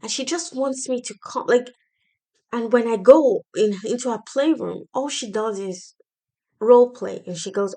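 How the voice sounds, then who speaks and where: A woman's voice: medium pitch, unhurried, mellow. An earnest woman in her thirties talks into the mic from her home office in a casual solo podcast. Her voice sits in a mid range, and she speaks in an encouraging, faith-tinged way. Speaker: podcast host.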